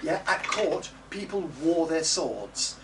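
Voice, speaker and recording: Slow-paced and lively in intonation, this male singing teacher has a voice on the high side. He encourages his students and sings phrases as examples, recorded from a distance with background noise in a classroom or studio.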